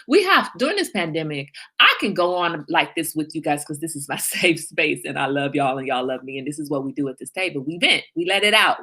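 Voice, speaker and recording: A middle-aged woman hosting a livestream, chatting casually and emphatically with viewers and telling animated stories. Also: low voice. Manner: animated storyteller, emphatic, reads viewer comments. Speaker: livestream host.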